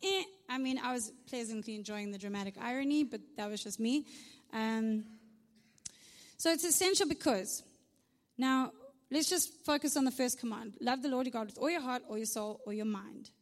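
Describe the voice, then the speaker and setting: A woman preaching in a large church hall, her somewhat high voice carrying a long reverb tail. She talks to the room in a chatty, conversational way, punctuating points with "right?" and dropping in humorous asides. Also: normal speed. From South Africa. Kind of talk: conversational sermon.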